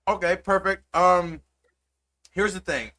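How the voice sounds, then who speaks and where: A man narrating a tabletop game as game master. His voice is a bit high and bright, and he rambles with many fillers and restarts. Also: steady tone, takes it slowly.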